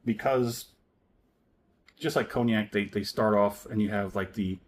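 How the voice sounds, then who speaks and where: A man's voice: on the low side, fairly even intonation, measured pace, slight background noise. A man hosting a casual spirits review, talking in a playful, joking and slightly rambling way. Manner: playful, jokey, a little rambling.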